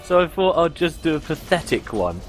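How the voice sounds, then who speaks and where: A man's voice: on the high side, very animated, a little fast, soft background music. A man in casual game voice chat, sarcastic and teasing, who swears a lot at teammates and enemies. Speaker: game player.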